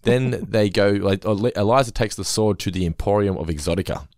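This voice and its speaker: Man, podcast co-host, low voice, relaxed recapping, dry close mic. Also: brisk, no echo. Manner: relaxed recapping, mimicking quoted lines. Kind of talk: casual episode review chat.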